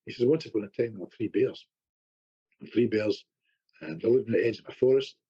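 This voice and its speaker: A man who works as a hypnotherapist, a guest telling animated stories in a podcast conversation, often restarting his sentences. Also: on the low side, brisk, husky, lo-fi sound. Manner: animated anecdotes with repeated restarts.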